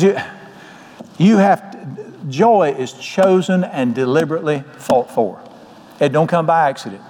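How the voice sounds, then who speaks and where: A man's voice: fairly high pitch, darkish tone. An older man preaching a sermon as pastor, folksy and joking. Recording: long hall reverb.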